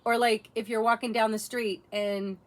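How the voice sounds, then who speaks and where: A woman's voice: on the high side, level tone, moderate pace. A middle-aged woman vlogger talking in a blunt, profane, impassioned monologue rant.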